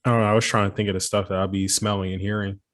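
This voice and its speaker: A man's voice: fairly low pitch, level tone, very fast. A man hosting a podcast who answers hesitantly and makes fun of himself. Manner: hesitant, self-deprecating. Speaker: podcast host. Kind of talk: casual podcast chat.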